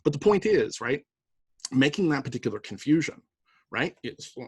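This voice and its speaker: A man lecturing to a class in a loose, conversational manner, checking in with "right?" as he goes. His mid-range voice has a husky edge. The sound is dry, with no room echo. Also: medium pitch, big pitch swings, moderate pace, a little mellow. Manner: conversational, many fillers and "right?" asides. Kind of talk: university lecture.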